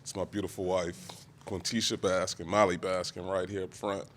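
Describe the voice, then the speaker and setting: A man in his forties giving an emotional, halting speech at a press conference, close to tears and often clearing his throat. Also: low voice, little pitch movement, fairly bright tone. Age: 40s. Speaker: guest speaker, kidney patient.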